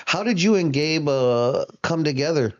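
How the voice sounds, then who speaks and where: A man hosting a podcast, chatting casually with slangy, quick reactions. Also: fairly high pitch, lively intonation, highs cut off.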